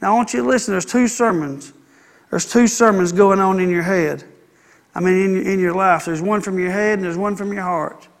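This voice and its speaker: Man, pastor, sermon, folksy and chatty, raised pitch, gravelly edge. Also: normal speed. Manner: folksy, conversational preaching with playful asides.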